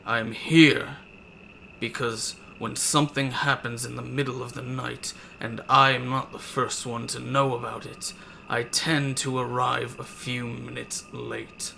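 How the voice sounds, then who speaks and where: A man voicing a stern male town sheriff who speaks slowly and reproachfully in a tabletop role-playing game. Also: medium pitch, flat delivery, gravelly, pushed and bright, a little hiss or hum, exaggerated voice.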